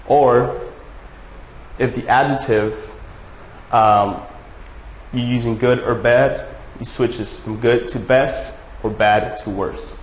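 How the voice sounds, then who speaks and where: A man teaching an English grammar lesson to a class. He checks in often with "all right?" and "okay?" and slows down to stretch out his example sentences. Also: medium pitch, darkish tone. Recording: echoey room with faint noise.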